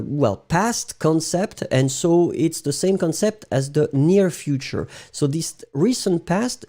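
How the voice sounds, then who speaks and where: French-accented teacher with a gravelly voice. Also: male voice, fairly high pitch, warm tone. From France. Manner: friendly, greets students by name, mixes French into English. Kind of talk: live online language lesson.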